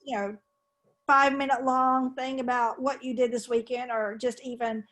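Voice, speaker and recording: A woman's voice: a little high, level tone, normal speed, fairly bright tone. A woman English teacher talking through ideas with a colleague, rambling and restarting her sentences. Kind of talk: casual professional discussion.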